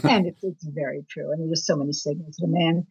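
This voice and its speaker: A woman answering interview questions as a guest author on attraction, talking expressively with her pitch jumping up for emphasis. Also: fairly even intonation, brisk, a little mellow, slightly rough. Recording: dull lo-fi recording.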